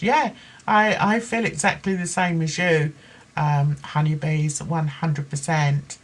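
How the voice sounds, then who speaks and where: A woman's voice: lowish voice, takes it slowly. A woman hosting a livestream, reading out viewer comments and reacting with heated, impassioned talk about a case. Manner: impassioned, heated, talks as a mother. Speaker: livestream host.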